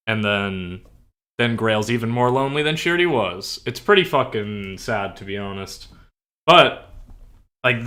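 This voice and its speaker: A man's voice: mid-range voice, pushed and bright. A young man streaming, chatting casually about a story he is writing, rambling with lots of fillers and swearing. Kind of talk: casual chat.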